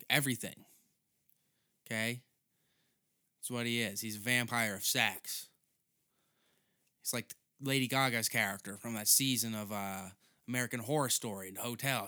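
A young man delivers a rambling, foul-mouthed comedy rant with a bright, forceful edge. His voice is smooth and crisp. The sound is dry and close. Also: lowish voice, no room sound. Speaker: podcast host. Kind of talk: comedic monologue.

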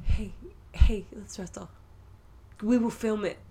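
A woman's voice: mid-range voice, steady tone, takes it slowly, warm tone, slight background noise. A drunk woman co-hosting a podcast, bantering playfully and teasing, her words a little slurred. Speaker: podcast co-host. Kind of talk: casual late-night banter.

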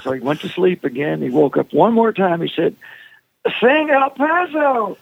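An older singer-songwriter spins funny stories and pokes fun at himself. His voice sits a bit high for a man and carries a gravelly rasp. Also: lively intonation, fairly quick, no echo, highs cut off. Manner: humorous, self-deprecating storyteller. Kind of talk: casual conversation.

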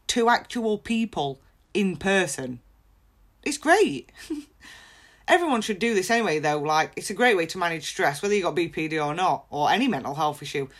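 A woman hosting a podcast, giving candid personal advice in a blunt, frank way and laughing often. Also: mid-range voice. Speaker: podcast host.

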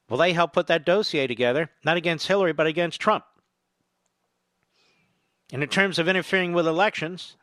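A man's voice: on the high side, a bit bright, dry recording. An older man hosting a political talk radio show, delivering a combative, sarcastic monologue that swells to emphatic peaks. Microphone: studio microphone.

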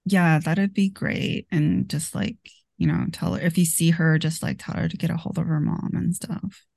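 A woman's voice: on the low side, fairly even intonation, moderate pace, creaky, a little mellow, breathy edge, dry recording, clean studio sound. A woman playing a tabletop role-playing game, talking casually with lots of fillers. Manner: casual, filler-heavy talk. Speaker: player.

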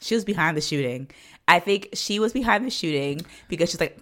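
A woman co-hosting a podcast, chatting casually and laughing, slangy, putting on quick high voices for quotes, and sounding tired. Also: lively intonation, fairly bright tone. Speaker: podcast co-host. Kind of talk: casual rewatch podcast chat.

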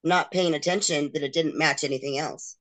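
A woman's voice: sits low, steady tone, fairly quick. A middle-aged woman, a guest in an interview, frankly and emotionally recounting a long personal ordeal. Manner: emotional, frank, acts out others' quoted words. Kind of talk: candid personal storytelling.

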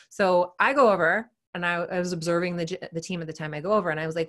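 Animated woman coach on an earbud mic. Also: fast, hardly any pauses. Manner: animated, acts out quotes with big pitch jumps. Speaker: gymnastics mindset coach, guest. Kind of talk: casual podcast chat.

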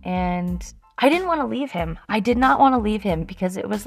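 A woman's voice: mid-range voice, lively intonation, fairly quick, creaky, few pauses, soft background music. A woman in her thirties hosting a podcast, telling a personal story in a chatty, rambling way and laughing often. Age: 30s. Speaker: podcast host. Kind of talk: casual storytelling.

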